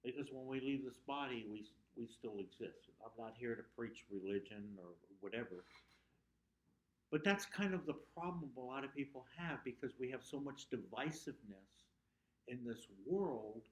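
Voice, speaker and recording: A man's voice: medium pitch, lively intonation, normal speed. A man giving a motivational talk as a guest speaker at a club, earnest and prone to sudden emphatic bursts. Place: meeting room at a club. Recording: echoey room.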